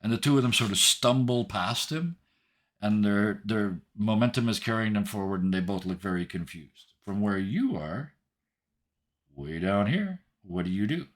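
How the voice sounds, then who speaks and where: A man with a very low voice runs a tabletop role-playing game as game master. He narrates the action loosely, padding it with fillers and checking in with a frequent "right?". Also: expressive, moderate pace.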